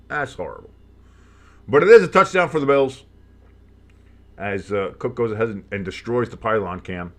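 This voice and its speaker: A man's voice: medium pitch, expressive, moderate pace. Rambling male sports-fan commentator. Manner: rambling, many fillers, jumps up on big plays. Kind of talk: casual play-by-play with reactions.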